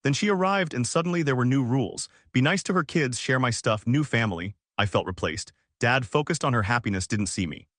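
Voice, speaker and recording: A male narrator reads a first-person story in short, clipped fragments. His pitch swings a lot, and the recording is dry and close. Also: expressive, a little fast, few pauses, a bit bright, no room sound. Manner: clipped, fragmentary phrasing, dramatic.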